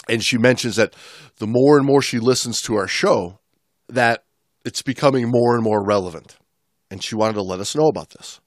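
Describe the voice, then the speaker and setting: A chatty man with a Midwestern American accent hosts a casual podcast, talking through listener mail in a relaxed, joking way. His voice sits in a middle range and is recorded close and dry on a podcast mic. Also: mid-range voice, no room sound. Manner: chatty, reads listener mail aloud, laughs at own jokes. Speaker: podcast host. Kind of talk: casual chat.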